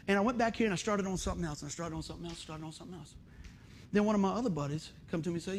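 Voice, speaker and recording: A man preaching a sermon, telling stories in a folksy, animated way and acting out the dialogue. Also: high voice, very fast, a little hiss or hum. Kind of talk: sermon with storytelling.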